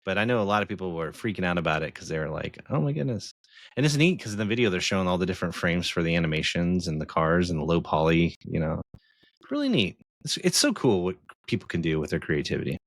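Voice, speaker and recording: A man co-hosting a casual podcast, talking with an enthusiastic, excitable manner. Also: low voice, fast, no echo, studio quality. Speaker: podcast co-host.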